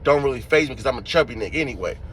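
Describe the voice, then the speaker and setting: A man telling a street-fight story in a casual, profane, animated way, acting out the scenes as he goes. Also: medium pitch, racing, slight background noise.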